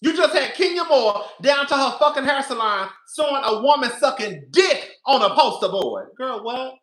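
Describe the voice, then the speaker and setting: Bright, over-the-top dramatic man. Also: extremely high pitch, sing-song, moderate pace, reverberant, poor audio. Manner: over-the-top and dramatic, swings from hollering to whispering; profane, chatty, calls listeners "girl". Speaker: TV recap vlogger. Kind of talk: reality TV review commentary.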